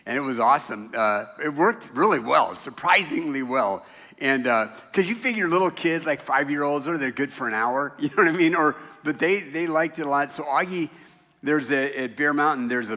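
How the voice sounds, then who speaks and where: Older male pastor, bright voice, chatty storyteller who laughs at his own jokes; church hall echo. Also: medium pitch. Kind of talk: casual conversational sermon. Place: church sanctuary.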